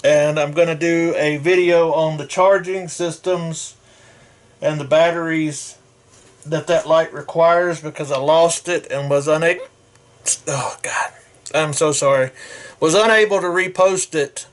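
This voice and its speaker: A man's voice: fairly high pitch, steady tone, a little slow. A man hosting a casual product review, talking in a rambling, folksy way and correcting himself as he goes. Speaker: gear reviewer.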